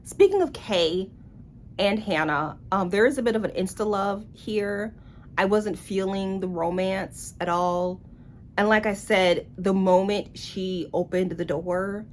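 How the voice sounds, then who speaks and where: A woman's voice: fairly low pitch, a little hiss or hum. A woman giving a casual book review in a blunt, sarcastic way.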